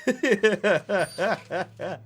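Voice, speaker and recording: A man's voice: sits high, animated, extremely slow, fairly bright tone, breathy edge. A young man riffing and laughing as a gaming streamer in casual live-stream talk. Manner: jokey, riffing, laughing often.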